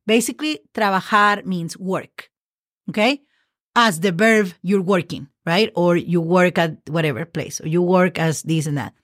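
A woman's voice: mid-range voice, no echo, studio quality. Patient woman teaching a language lesson. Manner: patient, spells words letter by letter; frequent "okay?" check-ins. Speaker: Spanish teacher.

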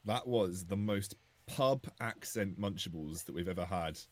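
A man's voice: sits low, unhurried, heavy background noise. A man chatting casually as a guest, telling rambling, self-mocking stories. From United Kingdom. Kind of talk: casual chat.

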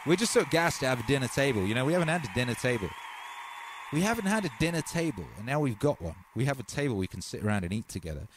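An English man in his thirties hosting a casual livestream, talking in slang, reading out chat messages and telling stories with lively energy. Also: mid-range voice, fast talker, background noise. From England. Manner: animated, slangy, reads chat aloud. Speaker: livestream host.

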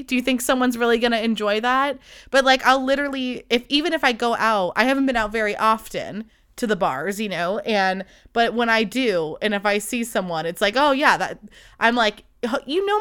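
A young woman talks through a casual solo podcast, animated and chatty, laughing often. Her voice is bright and crisp, smooth and clear. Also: a little high. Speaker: podcast host.

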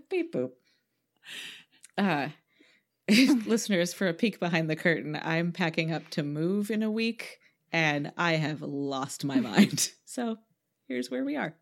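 Woman, podcast co-host, lowish voice, very lively intonation, playful script reading. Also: unhurried, gravelly. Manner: playful, laughing, self-mocking. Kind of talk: reading a script with joking asides.

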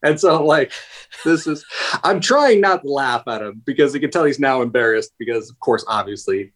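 A man's voice: medium pitch, animated, moderate pace, fairly bright tone. Rambling, chatty man telling stories. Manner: rambling, self-interrupting storyteller. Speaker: podcast guest, paramedic. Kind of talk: casual conversation.

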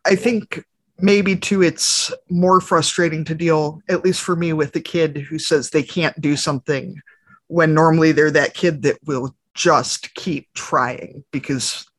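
A podcast co-host shares candid, chatty stories about family life in casual conversation. Her low-pitched voice is steady and breathy-edged, her pace measured, with no room sound.

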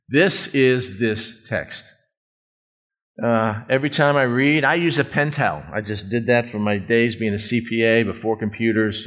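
A man's voice: on the low side, fairly bright tone. A middle-aged man, a pastor, preaching a conversational, folksy sermon and drawing out words for emphasis.

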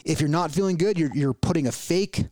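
A man's voice: a little high, a little fast, darkish tone, no room sound. A man talks through a casual motivational podcast in a slightly raised voice. He is earnest and repeats his point, slipping into quoted worried inner voices. The sound is dry and close to the mic. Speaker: podcast host.

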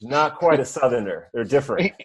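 A man's voice: mid-range voice, lively intonation, a little fast, husky. A man in casual chat who rambles through loose stories full of fillers.

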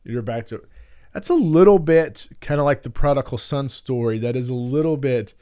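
A man in his thirties co-hosts a relaxed faith podcast, mid-pitched and chatty. He rambles through anecdotes, filling them with "like" and acting out what people said, before easing into Scripture. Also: moderate pace, clear, resonant tone. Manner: rambling storyteller, acts out quotes with many "like"s. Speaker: podcast co-host. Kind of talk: casual chat and Bible teaching.

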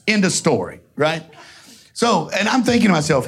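A man telling profane, animated stories in a casual way, laughing often. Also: fairly high pitch, brisk, slightly rough. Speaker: storyteller guest. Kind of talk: casual storytelling before an audience.

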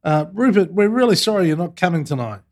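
A booming, mischievous old president, as a man puts him on. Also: animated, quick pace, a little mellow. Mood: boisterous. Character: boisterous, mischievous older male US president.

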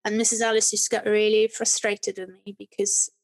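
A middle-aged woman in relaxed conversation, telling school memories as a podcast guest. She rambles and restarts her sentences often, in a voice of middling pitch. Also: fairly quick. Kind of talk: conversational interview.

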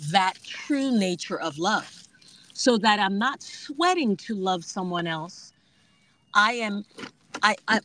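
A woman guest talking earnestly and reflectively about her faith, now and then bursting into animated bits, speaking from her car over a Bluetooth phone link. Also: mid-range voice, low-quality recording. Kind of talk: candid faith conversation. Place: driving in a car.

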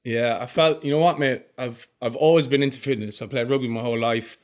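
As a guest on a podcast, a sincere twenty-something man talks in a warm, relaxed manner, his friendly chatter peppered with "mate" and "bro." He speaks a little fast with a middle pitch and fairly even intonation.

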